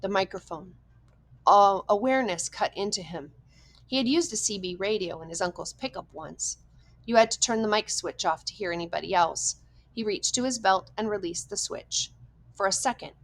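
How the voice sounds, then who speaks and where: A woman narrates a novel as an audiobook in measured, tense storytelling. Her pitch sits in a middle range for a woman. She reads at a steady pace. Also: poor audio. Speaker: audiobook reader. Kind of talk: scripted narration.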